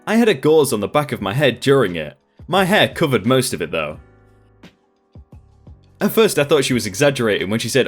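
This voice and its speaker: Man, storytime narrator, animated, mid pitch, scripted reading, faint music behind. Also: brisk, pauses often. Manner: lively, expressive reading. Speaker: storytime channel host. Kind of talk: scripted narration of online stories.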